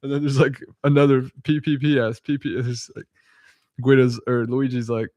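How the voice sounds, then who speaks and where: A young man reading dictionary abbreviations aloud at home in a halting, chuckling way, often correcting himself. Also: mid-range voice, flat delivery, a little mellow, dry recording. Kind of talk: casual solo reading and chat.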